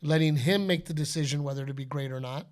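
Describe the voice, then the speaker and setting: This fast-talking middle-aged podcast host has a voice on the high side. He chats loosely through his stories and dramatizes quotes and announcer calls with lively energy.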